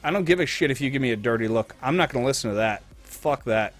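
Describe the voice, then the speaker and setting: A young man streaming live, ranting and telling stories in a casual, profane, animated way. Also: medium pitch, fast talker, faint music behind.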